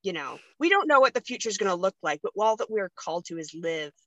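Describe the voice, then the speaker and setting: A woman's voice: mid-range voice, sing-song, fast, fairly bright tone, no room sound, dull audio. A woman hosting a podcast, talking in a chatty, gushing way about books that moved her. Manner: chatty, gushing, laughs easily. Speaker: podcast host. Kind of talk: casual chat.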